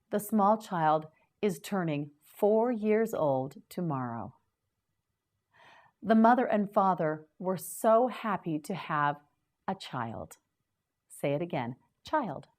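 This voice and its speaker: A woman teaching English vocabulary to beginners, saying each word slowly and clearly, asking the listener to repeat it, then explaining it in simple sentences. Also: fairly low pitch. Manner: very slow, repeating words for the learner to echo.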